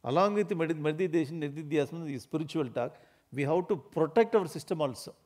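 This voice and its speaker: A man giving an animated, emphatic spiritual discourse, often laughing as he talks. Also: a little high, fairly quick.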